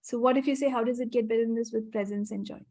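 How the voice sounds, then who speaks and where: A woman facilitating a group healing call over a video connection, reeling off repeated clearing phrases quickly and letting them trail off softly. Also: a little high, steady tone.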